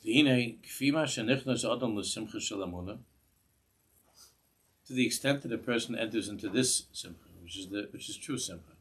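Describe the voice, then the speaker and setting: A man's voice: lowish voice, moderate pace, fairly bright tone, breathy edge. A man, a rabbi giving a class in a synagogue, earnest, restarting phrases and mixing in Hebrew terms. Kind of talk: sermon.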